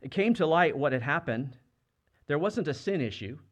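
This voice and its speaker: A man's voice: fairly high pitch, lively intonation, normal speed. A man in his thirties or younger preaching a sermon, earnest and conversational, often asking the congregation questions. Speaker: pastor.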